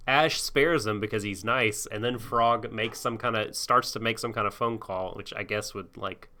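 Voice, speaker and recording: A man's voice: fairly low pitch, normal speed, bright, forceful tone. A man co-hosting a casual anime podcast, recapping scenes in a rambling way with fillers. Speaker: podcast co-host.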